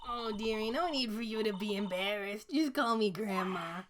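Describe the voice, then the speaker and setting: A woman's voice: medium pitch, normal speed, background noise, close to an everyday voice. A woman voicing a chatty, nosy old woman security guard who drawls and calls everyone dearie. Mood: gossipy. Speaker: streamer reading game dialogue. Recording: game music behind.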